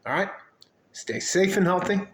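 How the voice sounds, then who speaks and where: A man's voice: high-pitched, expressive, normal speed, slight background noise. An older man who coaches young men, talking to the camera in a rambling, profane, fatherly way. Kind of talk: casual vlog talk to camera. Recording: roomy echo.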